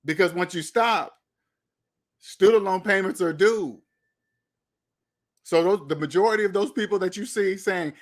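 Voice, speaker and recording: A man's voice: high voice, measured pace, long pauses. A man giving blunt, lecturing commentary on money and debt, often repeating himself. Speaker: finance commentator. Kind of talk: opinionated video commentary.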